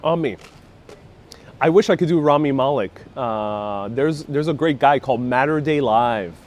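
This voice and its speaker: Outdoors on a city street, a man hosts a casual walking live stream, joking around and reading viewer comments aloud. His voice is medium-pitched, measured, and darkish, with slight background noise, captured by a phone on a gimbal with a wireless lapel mic.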